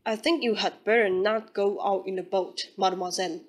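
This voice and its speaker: A woman's voice: medium pitch, steady tone, fairly quick, natural voice. A woman voicing a stiff, proper male courier in an audiobook, speaking coolly and formally. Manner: frigid, formal.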